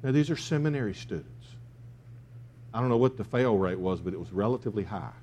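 A man's voice: lowish voice, fast talker, darkish tone, a little hiss or hum. A man preaching a sermon, emphatic, with key phrases repeated. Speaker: pastor.

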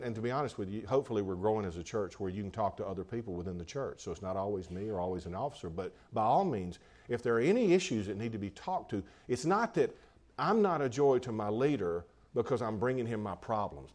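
Male pastor, low-pitched, mid-sermon, casual delivery that doubles back on itself. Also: darkish tone. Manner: conversational, repeats and restarts phrases.

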